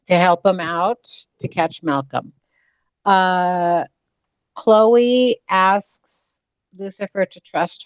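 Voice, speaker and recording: A woman on a fan discussion panel, talking things through in an explanatory way with frequent pauses to gather her thoughts. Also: mid-range voice, no room sound, rough recording. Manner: slow, explanatory, with many uh fillers. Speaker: podcast panelist.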